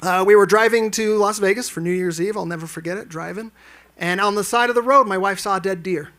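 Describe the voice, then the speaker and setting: A man performs a stand-up set at a live event lounge. His voice sits high and rings bright. He tells his stories animatedly and acts out the quotes. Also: fast. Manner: animated storytelling, acting out quotes with sudden jumps in pitch. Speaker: stand-up comedian.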